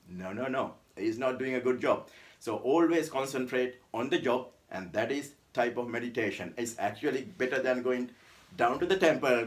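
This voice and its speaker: A man giving a casual workout tutorial as a fitness instructor, talking in a chatty, repetitive way and often calling his viewers "guys". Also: mid-range voice. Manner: chatty, repeats "guys" and "right?", calls the abs "this man".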